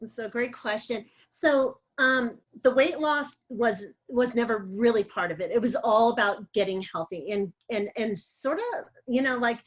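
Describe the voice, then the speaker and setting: Chatty older woman with higher voice. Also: measured pace. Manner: chatty, rambling with many fillers. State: voice affected by allergies. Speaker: coaching client. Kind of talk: casual interview storytelling.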